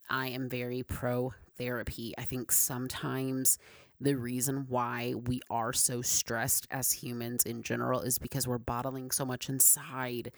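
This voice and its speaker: Low gravelly woman hosting a podcast. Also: no echo, clean studio sound. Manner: chatty, rambling, many fillers. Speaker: podcast host. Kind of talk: casual advice podcast. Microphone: own microphone.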